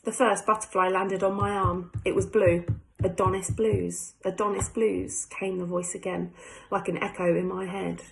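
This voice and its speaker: A woman's voice: lowish voice, little pitch movement, moderate pace, creaky, low-quality recording. A young woman teacher reading a class book aloud, stopping to ask her pupils questions in a chatty way. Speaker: primary school teacher.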